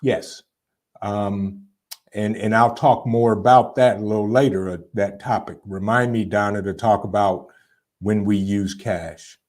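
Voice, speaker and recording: A man's voice: lowish voice, steady tone, a little slow, a little mellow. A man hosting a casual live stream, chatting loosely and answering viewer comments with frequent fillers. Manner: rambling, conversational, frequent fillers and repeats. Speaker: livestream host.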